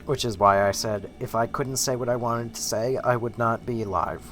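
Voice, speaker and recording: A man's voice: medium pitch, steady tone, moderate pace, a bit bright, soft background music. A man streaming, rambling casually and swearing freely as he breaks off and restarts his thoughts. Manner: rambling, profane, self-interrupting. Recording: noisy background.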